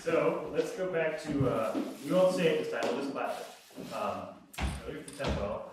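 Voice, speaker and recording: A man leads a crowd through a rhythm exercise, upbeat and coaching. He sounds distant from the mic, in a very echoey room. Steady background noise sits behind him. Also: mid-range voice, moderate pace. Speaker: music workshop leader, drummer. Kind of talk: live classroom demonstration. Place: large room with audience.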